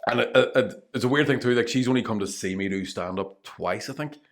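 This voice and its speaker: A man's voice: medium pitch, fast talker. A Northern Irish man in his thirties, a comedian telling family stories with lots of swearing and laughter in a casual podcast chat. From Northern Ireland. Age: 30s. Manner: swearing storyteller, mimics family in voices, laughs often. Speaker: comedian guest.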